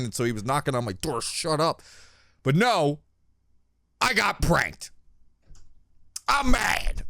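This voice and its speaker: A young man hosting a reaction video, talking casually with jokes and swearing, and yelping loudly when something startles him. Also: medium pitch, no room sound, studio quality. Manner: jumpy, loud exclamations when startled; swears freely, jokey.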